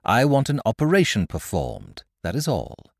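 A man voicing a composed, secretive young woman who speaks calmly and steadily. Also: fairly low pitch, gravelly, no echo, studio quality, full character voice. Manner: calm, measured and composed.

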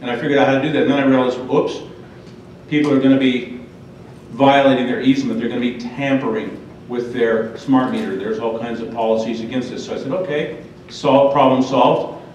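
A man's voice: medium pitch, fairly even intonation, a little fast, a little mellow, slight background noise. Man, public forum speaker, emphatic, addresses the audience, far from the mic, muffled lo-fi sound. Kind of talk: impassioned public talk. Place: large echoey hall. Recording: dull, echoey, far-off hall recording.

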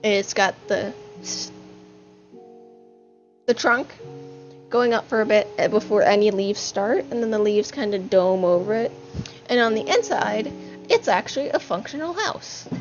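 A woman's voice: medium pitch, expressive, unhurried, pauses often. A woman narrating her gaming session in a chatty, upbeat way, with fillers and a slightly breathless voice. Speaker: gaming channel host. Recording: dull lo-fi sound with music behind. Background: music.

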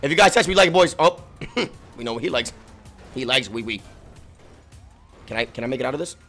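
A young man streaming a game, talking frantically and swearing, swinging from low muttering to yelling, and getting out of breath. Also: expressive, brisk, faint music behind. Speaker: gaming streamer. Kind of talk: frantic live gameplay commentary.

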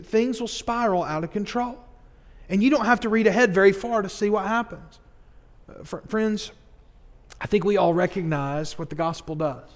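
A male pastor preaching a sermon earnestly, with quick asides where he acts out everyday moments. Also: high voice. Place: church sanctuary. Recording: long hall reverb.

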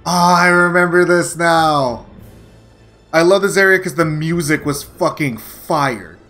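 A man's voice: on the high side, unhurried, pushed and bright, soft background music. A young man commentating on a video game, swearing a lot and hamming up a mock mobster persona. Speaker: gaming streamer. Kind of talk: casual gameplay commentary.

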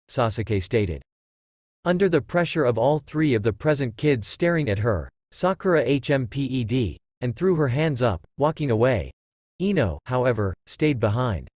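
A man narrating a fanfiction story aloud in a lively storytelling manner. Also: medium pitch, normal speed, no room sound.

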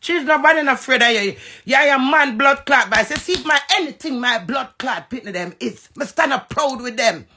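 A woman's voice: high voice, lively intonation, pushed and bright, husky. A Jamaican woman ranting heatedly and profanely on a phone live stream. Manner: heated, profane, fast-switching rant.

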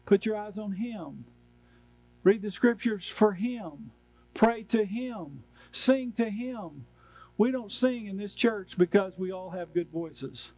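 High-voiced man preaching a sermon. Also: darkish tone, low-quality recording. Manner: emphatic preaching with repeated refrains. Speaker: pastor. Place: church.

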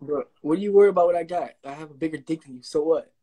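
A man's voice: fairly high pitch, very fast, crowd noise. A young man hosting a casual phone livestream, bragging and trading insults with a caller in a brash, taunting way. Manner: brash, trash-talking, repetitive taunts. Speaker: livestream host.

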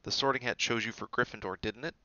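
A man voicing an earnest young schoolboy hero, often hushed, in a storybook reading. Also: mid-range voice, fast talker, no echo, lo-fi sound.

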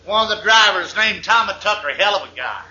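A man's voice: sits high, lively intonation, fairly quick, bright, forceful tone, reverberant, dull audio. A man telling jokes in a folksy, drawling storyteller's manner, on a hissy 8-track tape recording. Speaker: comedian. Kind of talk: stand-up joke telling.

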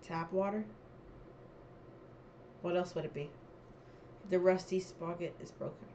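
A young woman with a slightly low voice talks casually to camera, reading questions and thinking aloud. Her chat rambles and circles back to answers. A faint hum of background noise sits under the recording. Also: a little slow, mellow, dull audio. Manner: chatty, thinking aloud, reads questions then muses. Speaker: vlogger. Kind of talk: casual quiz commentary.

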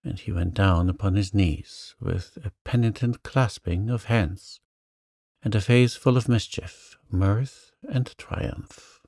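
A man reads a classic novel as a bedtime story, calm and even. His low voice has a gravelly edge and moves very slowly. The sound is close and dry. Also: no echo. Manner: slow, soothing, even. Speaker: narrator.

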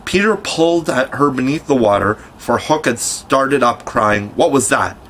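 A man's voice: medium pitch, a little hiss or hum, rough recording. Man reading a storybook aloud. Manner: measured, expressive storytelling. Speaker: audiobook reader. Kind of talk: scripted narration.

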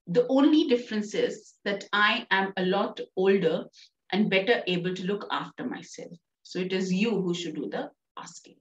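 A woman with an Indian English accent reading the part of a stern, sharp-tongued middle-aged mother in a firm, scolding way. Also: medium pitch, natural voice. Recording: distant, roomy, dull sound.

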